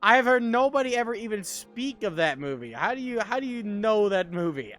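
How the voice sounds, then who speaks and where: A man's voice: sits high, sing-song, a little fast, fairly bright tone, faint music behind. A sleepy man casually chatting while streaming a game, rambling and swearing freely. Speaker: gaming streamer. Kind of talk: casual game livestream chat.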